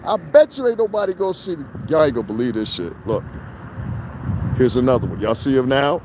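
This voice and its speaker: A man from New Jersey vlogs outdoors by a fence near traffic, holding his phone camera, and the traffic noise comes through. His casual commentary is profane and animated, and his pitch rises to a heated level when he gets worked up.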